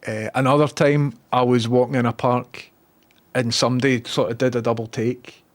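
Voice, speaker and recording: A man with a Scottish accent streaming online, chatting casually, reading viewer comments and telling animated anecdotes. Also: medium pitch, moderate pace. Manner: animated storyteller acting out others' lines. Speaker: Twitch streamer.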